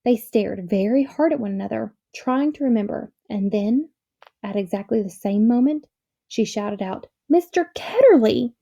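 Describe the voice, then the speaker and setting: A woman reading a children's novel aloud in a gentle, measured storytelling manner. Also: mid-range voice, vocal fry, highs cut off. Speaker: reader.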